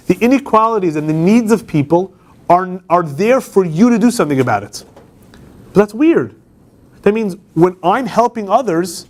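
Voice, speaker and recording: A high-pitched man with a darkish tone, a campus rabbi, delivers an informal lecture in a law school classroom. He speaks conversationally with frequent restarts and poses questions to the class.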